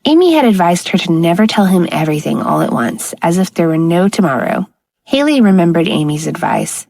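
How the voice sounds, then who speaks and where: A woman reading a romance audiobook aloud in steady, scripted narration on a close mic. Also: lowish voice, a little fast, gravelly, low-quality recording.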